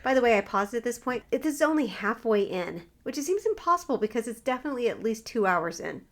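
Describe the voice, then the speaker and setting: Podcast co-host, woman, casual, quick joking reactions. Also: on the high side, sing-song. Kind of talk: casual movie chat.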